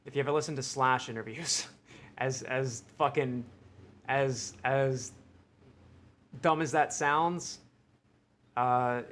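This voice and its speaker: A man's voice: medium pitch, a bit bright. A young man from Ohio with an American accent, chatting casually and profanely on his livestream, rambling and thinking aloud. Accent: American, mixed Midwestern and New York tinge. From Ohio, USA. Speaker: livestream host. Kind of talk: casual live-stream chat.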